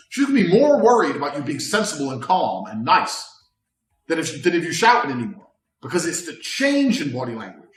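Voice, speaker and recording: A man in his thirties giving a blunt, profane motivational talk, swinging between loud bravado and low calm. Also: a little fast. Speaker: motivational speaker. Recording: roomy sound from a distant mic.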